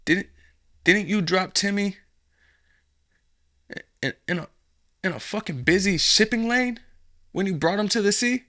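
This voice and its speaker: A man's voice: high-pitched, a little slow, pauses often, bright, forceful tone, voice pushed up. A man voicing a suspicious male robber who questions and accuses. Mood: accusing.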